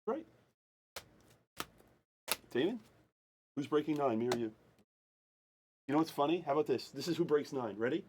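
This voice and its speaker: A man hosting a live-streamed card break, excitable and talking over the others, repeating himself. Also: fairly high pitch, normal speed, long pauses, background noise.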